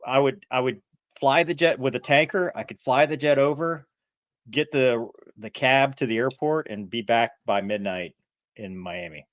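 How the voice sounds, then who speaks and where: Animated former fighter pilot telling stories. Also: male voice, mid-range voice, normal speed, no echo, dull audio. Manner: animated storyteller, acts out radio calls. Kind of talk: casual storytelling chat.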